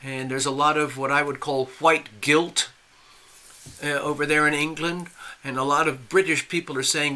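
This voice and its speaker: A man's voice: fairly high pitch, flat delivery, moderate pace, pushed and bright. A man hosting a live tarot stream, talking in a rambling, opinionated way and reading out chat messages. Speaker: livestream tarot reader. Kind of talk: casual live-stream monologue.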